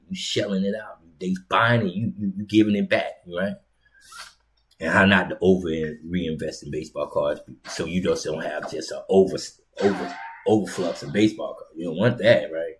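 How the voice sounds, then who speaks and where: A man hosting his own show, talking casually and rambling with repeated words and slang. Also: deep voice. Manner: rambling, repetitive, conversational with slang. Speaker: host. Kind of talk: casual instructional monologue.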